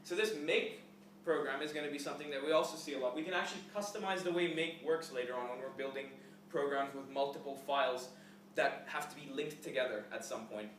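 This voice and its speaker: A man's voice: on the high side, fast, a bit bright, slight background noise. A young man giving a casual classroom lecture with a live coding demo, explaining step by step with fillers. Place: lecture hall. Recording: echoey hall, mic at a distance.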